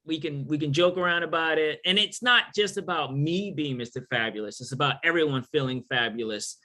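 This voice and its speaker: Man, middle-aged, from New York City, bright clear tone, animated, joking storyteller. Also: fairly high pitch, fairly quick. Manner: animated, joking, acts out quoted voices. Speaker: author and thru-hiker guest. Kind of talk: casual storytelling Q&A.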